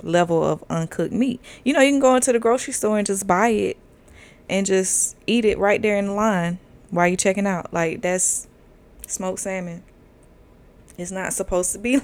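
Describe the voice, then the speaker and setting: Speaking in a fairly low, creaky voice, a podcast host in her thirties rambles through a casual monologue. She's frank and profane, laughs frequently, and her drawling delivery is loose and full of fillers.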